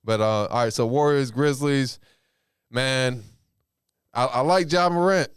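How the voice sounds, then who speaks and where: Smooth-voiced man, casual podcast host. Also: mid-range voice, unhurried, dry recording, studio quality. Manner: relaxed, affirming listener with slangy back-channels.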